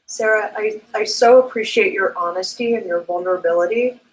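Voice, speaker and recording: Woman interviewer, video call, gentle and reassuring, tearful at times. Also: mid-range voice, a little fast, rough recording.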